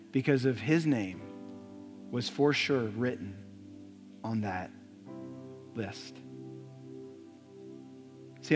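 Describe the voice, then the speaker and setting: A young adult man preaching a sermon in a church, telling a story with earnest repetition. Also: medium pitch. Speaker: pastor. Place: church sanctuary. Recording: long church reverb, soft music.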